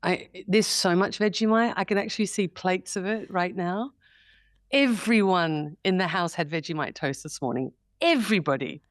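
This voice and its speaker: A woman in her forties with an Australian accent chats casually as an interview guest, laughing often and acting out quotes. Her voice is on the low side, at a moderate pace.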